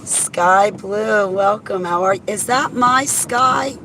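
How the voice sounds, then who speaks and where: A woman's voice: medium pitch, slow. Rambling woman vlogging from her car. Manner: rambling, talks to herself and to viewers by name. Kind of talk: casual driving vlog chat. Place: inside a car on a highway. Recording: road and wind noise in a car.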